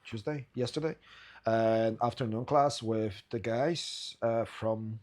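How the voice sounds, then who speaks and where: A man's voice: on the low side, takes it slowly, darkish tone. A man from Poland with a Polish accent mixed with Belfast, a native Polish speaker, hosting a podcast and telling stories with jokes and swearing. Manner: swearing, joking, storytelling. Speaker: podcast host. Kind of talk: casual interview chat.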